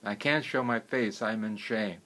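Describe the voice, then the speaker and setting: A man's voice: lowish voice, normal speed, sharp tone. A man voicing a poor gardener full of shame, imploring over and over in a raised voice. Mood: pleading. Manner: repetitive, imploring. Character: poor male gardener, ashamed and pleading.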